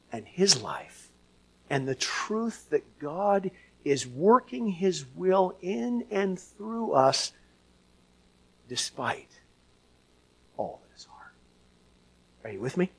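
A man preaching a sermon as pastor to his church, asking the congregation questions and swinging from hushed lines to loud ones. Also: on the high side, slightly rough.

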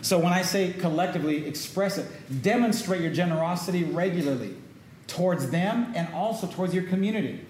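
This middle-aged pastor's voice sits high, fairly quick and a little mellow, with a little hiss or hum on the audio. He preaches conversationally in an echoey room with faint ambience, calling out for responses from the congregation.

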